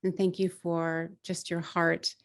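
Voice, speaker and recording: A woman's voice: lowish voice, little pitch movement, takes it slowly. Effusive, grateful woman podcast host. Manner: effusive and grateful, gushing praise. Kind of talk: podcast interview conversation.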